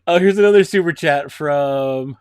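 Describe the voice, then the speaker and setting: A man's voice: on the high side, normal speed, a little mellow, smooth, dry recording, studio quality. A man hosting a casual livestream, chatting with viewers, giggling and restarting often. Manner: giggly, rambling, restarts a lot. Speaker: livestream host. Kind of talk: casual live-stream chat.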